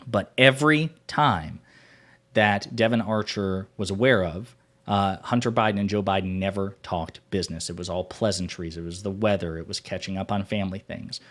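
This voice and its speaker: A male political commentator talks straight to his viewers in a fairly low voice. He argues emphatically and hammers his key points home by repeating them. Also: moderate pace, fairly bright tone.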